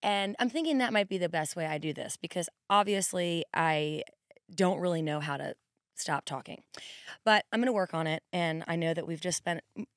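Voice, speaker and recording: Hoarse woman in her forties, low and dry. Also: no room sound. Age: 40s. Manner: chatty and rambling, quick asides. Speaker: podcast host. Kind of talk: casual monologue.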